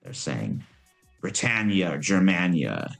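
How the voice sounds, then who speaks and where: A man voicing Lilith, an ancient female demon who is calm and worldly, speaking in a measured, musing way. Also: sits low, vocal fry, soft background music, heavily acted.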